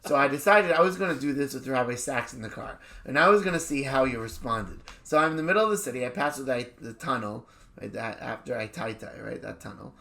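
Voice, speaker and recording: A man, a rabbi, co-hosting a podcast and telling an animated anecdote in casual chat, slipping into quick voice impressions. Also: mid-range voice, creaky.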